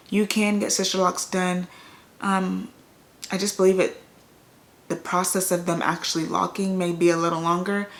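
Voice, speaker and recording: A young adult woman chatting casually on her vlog, laid-back and rambling with frequent fillers and restarts. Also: mid-range voice. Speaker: vlogger. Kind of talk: casual chat.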